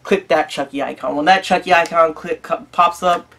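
Casting: male vlog host, slightly high voice, loose rambling delivery, profane and jokey. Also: brisk, gravelly, a bit bright. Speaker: YouTube collector channel host. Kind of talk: casual chat.

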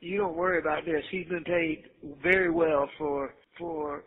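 A man's voice: on the high side, steady tone, normal speed, breathy edge. A middle-aged man, giving insistent, coaxing fatherly advice on a recorded phone call. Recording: tinny jailhouse phone line.

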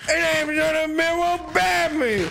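Man putting on a rowdy moonshiner, high hollering, slow brags, boastful. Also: gravelly, bright, forceful tone, full character voice. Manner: drawn-out hollering brag.

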